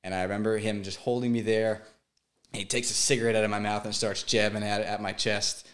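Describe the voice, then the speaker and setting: A man in his twenties, a podcast guest, telling a painful personal story in a halting, emotional way, often repeating words. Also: on the low side, little pitch movement, a bit bright. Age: 20s.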